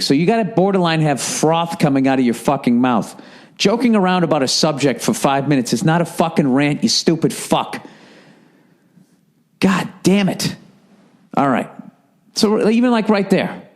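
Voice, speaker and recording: A man in his forties with a Boston accent hosts a comedic podcast monologue. He talks in a slightly high voice, full of profanity. He argues back at a listener's email and sounds indignant. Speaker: podcast host.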